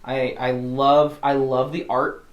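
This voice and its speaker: A man in casual podcast chat, full of eager restarts and fillers. His voice sits at a middling pitch. The room around him has a roomy echo. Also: flat delivery, slow. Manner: enthusiastic, rambling with many restarts and fillers. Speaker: podcast co-host.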